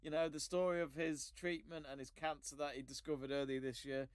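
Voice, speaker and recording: A man hosting a casual sports chat show, upbeat and animated as he presents. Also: on the high side, a little fast, dry recording, clean studio sound. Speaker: host.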